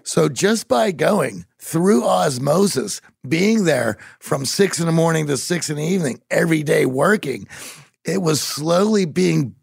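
A man from Pittsburgh telling stories in a podcast conversation, animated and growing emphatic at times. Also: a little high, measured pace, dry recording, clean studio sound. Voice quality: gravelly. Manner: animated storyteller, rising to emphatic bursts.

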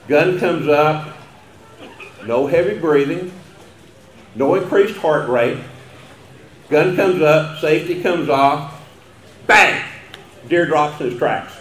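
A man's voice: a little high, lively intonation, a little slow, long pauses. An older man with a Texan accent, giving a humorous after-dinner speech with folksy, chuckling storytelling. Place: banquet hall. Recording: echoey banquet hall.

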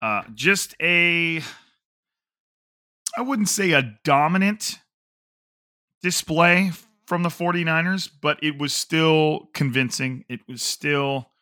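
A man hosting a sports podcast, talking casually and quickly, drifting into asides with fillers and restarts. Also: medium pitch, bright, forceful tone, no echo, studio quality. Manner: quick, chatty, digressive with fillers. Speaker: podcast host.

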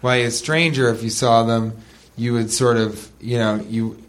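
A man's voice: mid-range voice, level tone, a little slow. A man chatting casually as a podcast co-host, joking and acting out silly bits. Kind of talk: casual comedic banter. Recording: loud background noise.

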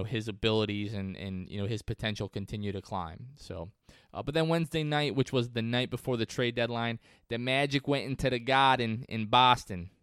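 Smooth-voiced man hosting a casual sports podcast. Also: lowish voice, no echo, clean studio sound. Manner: conversational, digressive. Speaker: podcast host.

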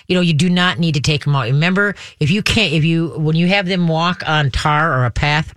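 A man's voice: on the high side, a bit bright, no room sound, studio quality. A middle-aged man from Minnesota, hosting a radio show about dogs in a folksy, rambling, casual way. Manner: chatty, folksy, rambling with restarts.

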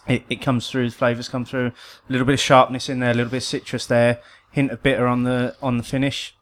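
A man hosting a casual beer-tasting show, talking with many pauses and restarts. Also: medium pitch, little pitch movement, slight background noise. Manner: hesitant, many ums and restarts. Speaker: podcast host.

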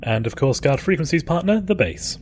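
A man's voice: fairly high pitch, big pitch swings, a little fast, a little mellow, soft background music. A man co-hosting a podcast, reading promos with dry, joking asides. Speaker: podcast co-host.

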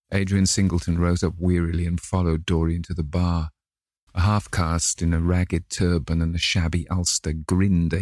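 Man, very low voice, dry close sound, measured audiobook narration. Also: dry recording. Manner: measured reading, gently voices each character. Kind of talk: scripted narration of a classic novel.

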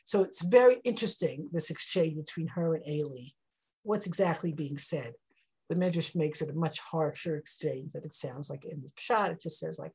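Husky-voiced woman teacher, lively, acts out the quoted lines in a text lesson. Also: normal speed, low-quality recording. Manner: animated, acts out the dialogue with big jumps in pitch. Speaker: Torah teacher.

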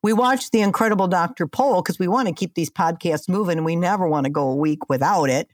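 A woman's voice: on the low side, fast talker, no echo, clean studio sound. A middle-aged woman co-hosting a casual podcast with her son, motherly, teasing and scolding. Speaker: podcast co-host, mother of the other host. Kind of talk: casual chat.

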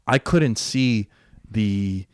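A young man hosting a casual podcast, telling sports stories with excitement and plenty of swearing. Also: fairly low pitch, drawn-out words, no echo, clean studio sound. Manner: excitable storyteller, swears freely. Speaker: podcast host. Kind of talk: casual chat.

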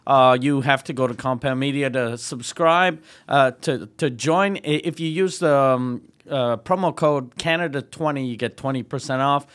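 A man co-hosting a podcast, chiming in with reactions and plugging the show with many pauses and fillers. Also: mid-range voice, fairly bright tone. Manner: chiming in with short reactions, halting during plugs. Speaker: podcast co-host. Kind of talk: casual chat and show promo.

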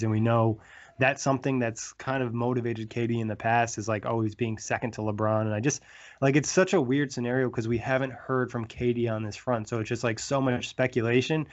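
A man's voice: medium pitch, brisk, dull audio. Laid-back male sports podcast host. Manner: relaxed, many fillers like "like". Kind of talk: casual sports podcast chat and read ads.

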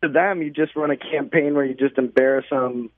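A man's voice: medium pitch, steady tone, brisk. A man telling stories in a casual interview chat, rambling with lots of likes and you-knows. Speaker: podcast guest, show host. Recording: dry, phone-like audio.

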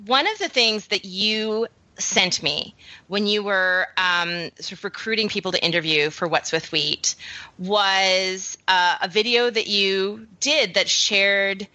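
A woman's voice: mid-range voice, slow, sharp tone, no room sound, lo-fi sound. A woman from Canada co-hosting a podcast, enthusiastic and rambling with lots of fillers. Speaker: podcast co-host. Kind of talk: casual podcast chat.

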